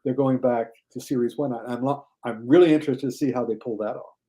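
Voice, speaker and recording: A man talking casually as a guest critic on a podcast, enthusiastic, and mocking critics in a high whiny voice. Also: steady tone, quick pace, warm tone.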